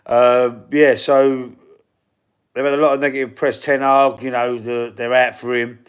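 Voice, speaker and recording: Reading his live chat aloud, a middle-aged football channel host with a London Cockney accent talks casually through predictions and viewer comments, often stumbling and repeating himself. He has a clear, resonant, medium-pitched voice, a level tone and a measured pace.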